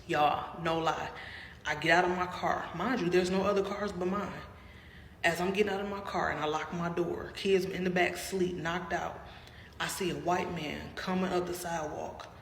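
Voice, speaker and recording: A woman's voice: lowish voice, steady tone, moderate pace. Woman telling a dramatic storytime. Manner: chatty, dramatic, keeps calling out to viewers. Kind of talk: casual storytime. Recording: roomy with long reverb and faint noise.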